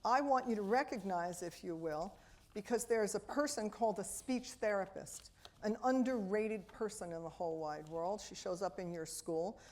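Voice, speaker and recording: A middle-aged woman from Brooklyn with a New York accent, a speech and language pathologist giving a lively, wry talk to a room of parents. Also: mid-range voice. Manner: animated, wry, talks straight to the audience. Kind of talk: lively public lecture to an audience. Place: auditorium before a live audience.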